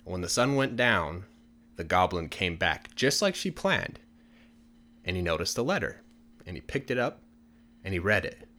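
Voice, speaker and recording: A man casually telling a folk tale for English learners in a relaxed, chatty way with many fillers. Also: low-pitched, moderate pace, pauses often. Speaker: storyteller.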